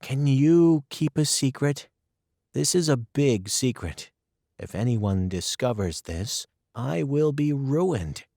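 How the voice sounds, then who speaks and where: Storybook little girl, timid but excitable, read by a man, high and lively, slow. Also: creaky, no echo, studio quality. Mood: pleading.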